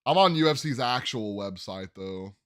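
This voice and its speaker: A man's voice: medium pitch, expressive, moderate pace, clear, resonant tone. A man hosting a casual sports podcast, chatting loosely and tripping over hard names as he reads them out. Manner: rambling, stumbles over fighter names. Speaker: podcast host.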